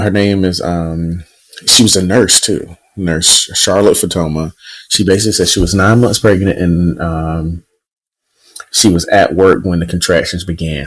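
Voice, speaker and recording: A man co-hosting a podcast, telling a news story in relaxed casual chat with plenty of fillers. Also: deep voice, slightly rough, rough recording. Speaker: podcast co-host.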